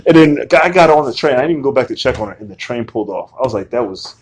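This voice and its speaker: A man hosting a podcast, telling stories in casual chat, animated, swearing and acting out other people's lines. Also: medium pitch, very fast, husky. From New York area. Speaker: podcast host.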